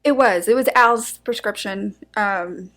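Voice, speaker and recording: A woman's voice: mid-range voice, a little slow, a bit bright. A woman co-hosting a true-crime podcast in casual chat, emotional and outspoken, with the odd curse word. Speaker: podcast co-host.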